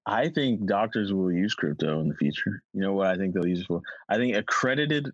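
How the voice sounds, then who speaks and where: A man co-hosts a casual podcast roundtable, goofing around, cracking jokes, and riffing off topic. His voice sits low and sounds expressive and brisk. The recording has no room sound, and the highs are cut off.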